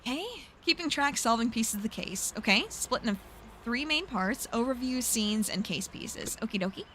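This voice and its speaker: A woman's voice: fairly high pitch, animated, moderate pace, fairly bright tone, slight background noise. A woman streaming a video game who chats and thinks aloud, with frequent giggles and playful asides. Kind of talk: casual live-stream commentary.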